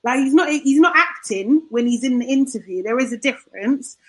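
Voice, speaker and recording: Husky, high woman, exasperated. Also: expressive, a little fast, rough recording. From Britain. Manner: exasperated, calls people babe, keeps asking "do you know what I mean". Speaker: podcast panelist. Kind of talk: casual discussion.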